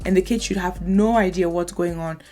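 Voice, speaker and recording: A woman's voice: fairly low pitch, normal speed. A woman hosting a reaction video, commenting in an emphatic, opinionated way. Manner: emphatic, opinionated, lively asides.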